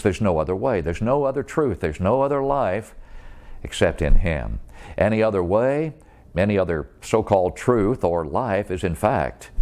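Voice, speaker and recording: A man with a low, deep voice delivers an evangelistic sermon. His preaching is earnest and deliberate, and he presses his listeners with searching questions. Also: darkish tone.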